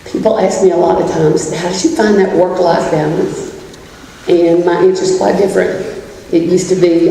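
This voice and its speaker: Older woman, mellow voice, echoey hall. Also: fairly low pitch, fairly even intonation, normal speed. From Louisiana. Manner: storytelling, self-deprecating, laughs often. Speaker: keynote speaker. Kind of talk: humorous keynote talk. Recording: echoey hall from far off, faint noise.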